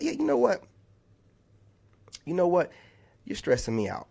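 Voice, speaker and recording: This man's voice is high and gravelly with a warm tone, swinging hugely in pitch while moving a little slowly. He's a content creator venting in a vlog, telling his story in a heated, exasperated, repetitive way packed with "man."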